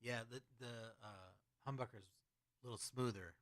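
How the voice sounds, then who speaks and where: Over loud background music, a man with a mid-range voice talks at normal speed while hosting a casual livestream. He chats loosely and reads questions aloud from his chat.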